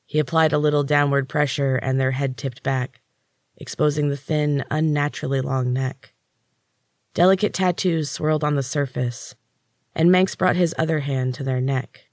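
Man, mid-pitched voice, dry close sound, measured storytelling, dark fantasy narration. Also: dry recording. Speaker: podcast host and author reading his own story.

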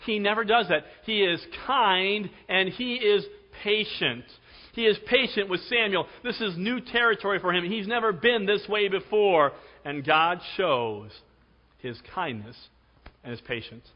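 A man preaching a sermon as pastor, dramatic, swinging from loud calls to hushed tones. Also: high voice, measured pace. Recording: dull sound with long hall reverb.

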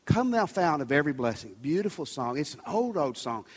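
A man with a high voice preaches in a conversational way to a large congregation. His urgent pleas sometimes sink to a soft near-whisper. The long reverb of a big church sanctuary hangs on every phrase. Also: very animated, brisk, slightly rough. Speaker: pastor. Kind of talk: sermon.

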